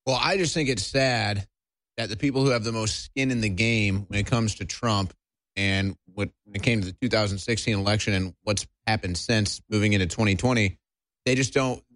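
A man co-hosting a political radio show, speaking scornfully at a steady pace. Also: fairly low pitch, moderate pace, dry recording. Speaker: show co-host. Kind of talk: political talk radio commentary.

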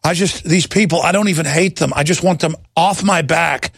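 A man's voice: a little high, normal speed, creaky, a bit bright, breathy edge, no echo, clean studio sound. A middle-aged man hosting a heated political radio show, talking emphatically and doubling up words as he pushes his point. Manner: intense, emphatic, repeats words when worked up. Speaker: radio talk show host.

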